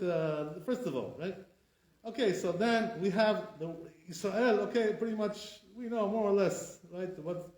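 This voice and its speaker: A man's voice: high-pitched, a little mellow. A man, a rabbi, teaching a casual class and saying "right?" often while he acts out wrong and right pronunciations. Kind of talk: informal class lecture. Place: classroom with a live audience. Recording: echoey room, voice picked up from a distance.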